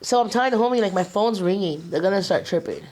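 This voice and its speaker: A woman's voice: mid-range voice, animated, fast talker, a little mellow. A woman, telling a personal story as a guest in a casual, streetwise way with slang and swearing.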